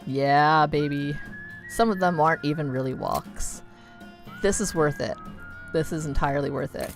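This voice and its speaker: Low-voiced woman streaming a game. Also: expressive, moderate pace, creaky. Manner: playful, reads on-screen text with wry asides. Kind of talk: casual let's-play commentary, reading game text aloud. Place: home streaming setup. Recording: game music playing behind the voice.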